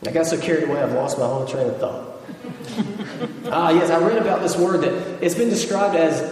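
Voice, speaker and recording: A Southern American man preaches in a loose, conversational teaching style, stopping to make sure his listeners are keeping up. His voice sits a little high for a man. He is picked up from a distance, and the large hall around him rings with a long, heavy echo. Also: fairly quick, darkish tone. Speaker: pastor. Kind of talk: sermon. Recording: distant mic in echoey hall.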